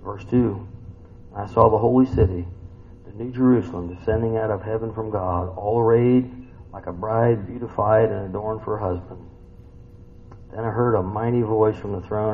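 Folksy preacher in his fifties. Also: slight background noise. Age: 50s. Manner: folksy, conversational preaching with rhetorical questions; swings between loud, high bursts and quiet, low reading. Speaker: pastor. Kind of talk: sermon. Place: church sanctuary. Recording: dull, lo-fi church recording with faint ambience.

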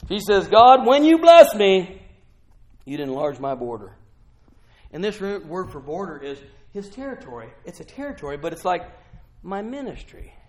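A middle-aged male pastor preaching a sermon, swinging from quiet asides to shouted exclamations. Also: fairly high pitch, big pitch swings, normal speed.

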